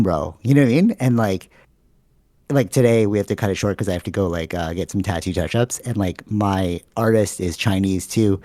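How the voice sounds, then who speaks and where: A man with a low, mellow voice and a Canadian accent, chatting casually on a podcast. He tells his stories with animated energy and fills them with "like" and "you know." The sound is dry, as if close to the mic. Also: no room sound. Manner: animated storytelling, many fillers. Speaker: podcast host. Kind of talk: casual chat.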